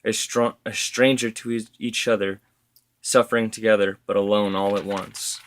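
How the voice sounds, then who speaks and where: A man reading his story aloud as narrator, steady with occasional self-corrections. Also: on the low side, moderate pace, no echo.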